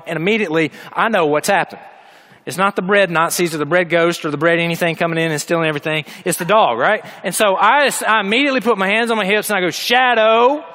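Male preacher, fairly high voice, animated storytelling sermon, humor then earnest call.

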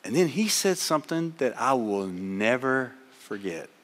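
A middle-aged man preaching a sermon, swinging from loud exhortation to hushed personal storytelling. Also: mid-range voice, sing-song, a little slow. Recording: long hall reverb.

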